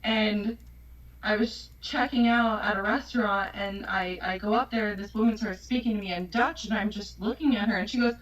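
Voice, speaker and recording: A woman's voice: medium pitch, fairly even intonation, normal speed, dull audio. A woman with an American accent, a guest chatting casually and laughing often. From United States. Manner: giggly, chatty. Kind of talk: casual chat.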